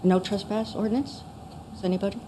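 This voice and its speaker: A woman's voice: medium pitch, fairly even intonation, quick pace, noisy background. A woman resident giving a hesitant public comment at a town meeting, full of questions and fillers.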